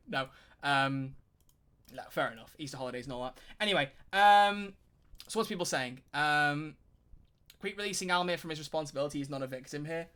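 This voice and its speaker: A streamer rattles through his thoughts at a quick clip, his voice sitting a bit high and sounding bright and sharp. He's animated and rambling, with swearing dropped in casually. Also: smooth. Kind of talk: casual live-stream commentary.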